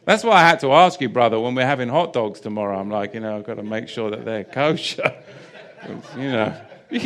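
A man's voice: medium pitch, fairly quick, fairly bright tone. A man preaching a sermon in a chatty, self-deprecating way with jokey asides. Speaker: pastor.

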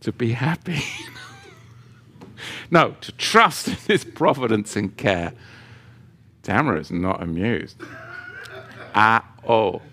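A man's voice: on the low side, sing-song, takes it slowly, long pauses, sharp tone. A man teaching through a Bible chapter verse by verse in a conversational way, with joking asides, reading scripture with emphasis.

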